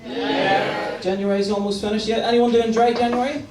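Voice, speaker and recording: Guy doing stand-up at a live gig, kinda high voice, cheeky crowd banter, heard from back of an echoey room with crowd noise. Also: flat delivery, moderate pace, far from the mic. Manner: cheeky, chatty, teasing the audience. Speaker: stand-up comedian. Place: live comedy venue stage.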